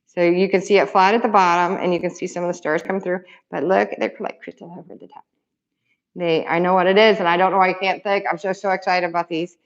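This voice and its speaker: Excitable rambling woman, lo-fi home recording. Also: lowish voice, fast talker. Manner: excitable, rambling, repeats words for emphasis. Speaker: crafter showing handmade resin keychains. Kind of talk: casual show-and-tell vlog.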